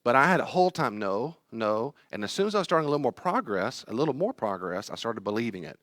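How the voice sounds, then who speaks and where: A man's voice: medium pitch, very animated, fast, fairly bright tone, dry recording, clean studio sound. A middle-aged man, a therapist teaching a class, telling personal stories in an earnest, pleading way. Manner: earnest, pleading, acts out quoted voices.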